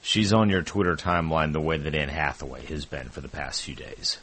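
A man's voice: rumbling low, fairly quick, a bit bright. A man co-hosting a sports radio show, answering in a dry, matter-of-fact way. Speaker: radio co-host. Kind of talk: casual sports talk radio.

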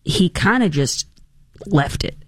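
A woman's voice: on the low side, slow, husky, no room sound, clean studio sound. A woman hosting a commentary show, talking in an opinionated, mocking way and acting out quotes. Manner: animated, mocking, acts out quotes.

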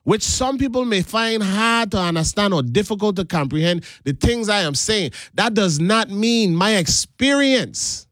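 A man from the United States Virgin Islands with a Virgin Islands accent, giving an impassioned history talk with slow, emphatic stresses. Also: sits high, lively intonation, a bit bright, no echo.

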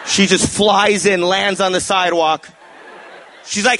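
High, bright-voiced male comedian. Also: measured pace, slight background noise. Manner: animated storytelling, acting out family members. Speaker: stand-up comedian. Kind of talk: stand-up comedy set.

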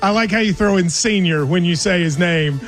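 A man's voice: high-pitched, moderate pace. A man co-hosting a sports talk show, bantering, apologizing and struggling to keep from laughing. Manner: giggly, apologetic, breaks into laughter.

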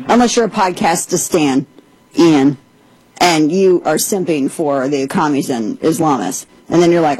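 A woman's voice: low voice, expressive, normal speed, warm tone, husky, no room sound, rough recording. A woman podcast host giving a casual commentary monologue, chatty and full of sarcastic asides.

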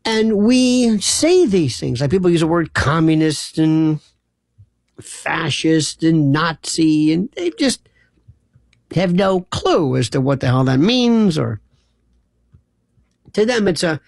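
A man hosting a late-night call-in radio show, delivering a rambling monologue that keeps breaking off and restarting, with sudden loud outbursts. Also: on the high side, no echo, clean studio sound. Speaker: radio talk show host.

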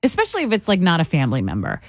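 A woman co-hosting a radio show in casual chat, animated and quick to laugh, talking with her hands into a studio mic. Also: lowish voice, no echo. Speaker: radio co-host. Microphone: studio mic with headphones.

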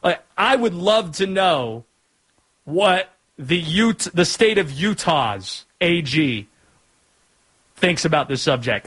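A man's voice: on the high side, lively intonation, slow pace, fairly bright tone, slightly rough, low-quality recording. A married man from North Carolina hosting a sports podcast, chatting casually with rambling joking asides.

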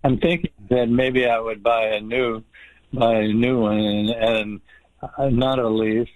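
A man from California calling in to a radio show, hesitant and halting, with many fillers. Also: medium pitch, fairly even intonation, darkish tone, dry recording, low-quality recording. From Sacramento, California. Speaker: caller. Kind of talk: call-in question.

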